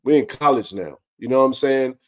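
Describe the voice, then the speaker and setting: A man's voice: medium pitch, fairly quick. A man hosting a casual sports talk show, ranting passionately and swearing freely about his team's fans.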